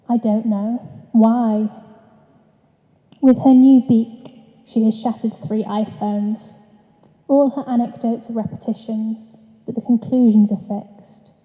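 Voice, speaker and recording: A woman poet giving a live poetry reading in a measured, deliberate way, with short asides between sections. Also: a little high. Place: festival event venue. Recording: tinny echoey hall recording.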